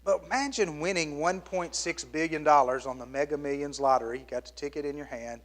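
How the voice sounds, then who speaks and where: A middle-aged man preaching a sermon as pastor, swinging from loud exclamations down to hushed, near-whispered lines. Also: a little high, a little fast.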